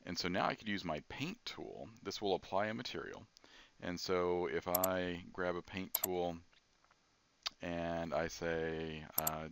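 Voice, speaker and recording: Man, very low voice, software tutorial, relaxed, frequent ums, faint hiss, mouse clicks. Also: slow, gravelly. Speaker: software instructor. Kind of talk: screen-recorded software tutorial.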